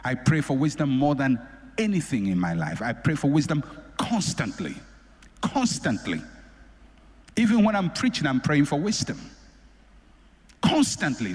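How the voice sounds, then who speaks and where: Male preacher, lively swooping voice, a bit husky, long hall reverb. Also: on the high side, unhurried, long pauses. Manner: animated, repeats phrases for emphasis, swings between loud and soft. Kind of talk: sermon.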